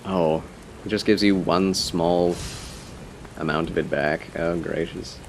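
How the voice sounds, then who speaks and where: A man streaming a game live, chatting casually and politely with his viewers, with quick laughs and muttered asides. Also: sits low, fairly even intonation, gravelly, slight background noise. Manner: chatty, answers chat, playful and polite.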